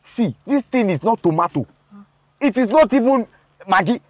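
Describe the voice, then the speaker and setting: A man's voice: high-pitched, normal speed, no room sound. A man playing a curt police officer. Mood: stern. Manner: curt, ordering, deadpan demands. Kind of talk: comedy skit acting.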